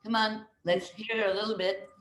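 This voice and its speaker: An older woman voice coach on a video call, leading a group warm-up in an energetic, coaxing way and repeating her instructions. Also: medium pitch, normal speed.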